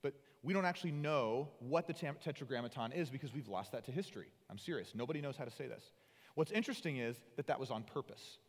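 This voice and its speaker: A man preaching a sermon, animated and conversational, acting out the voices he quotes. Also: mid-range voice, fast talker. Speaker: pastor. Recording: long hall reverb.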